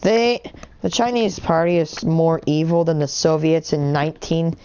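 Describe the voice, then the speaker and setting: A woman with a fairly low voice talks through a live gaming stream. Her delivery is heated and indignant, full of fillers and restarts, and she keeps circling back to her point. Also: steady tone, normal speed, dark tone, smooth. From United States. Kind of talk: rambling live-stream rant while gaming.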